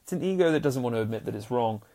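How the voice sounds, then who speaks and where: Earnest, animated male podcast coach. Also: mid-range voice, rapid-fire, gravelly. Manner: earnest and animated, with frequent restarts and swings between loud and soft; swears casually and addresses listeners as warriors. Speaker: happiness coach and podcast host. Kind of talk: casual motivational podcast talk.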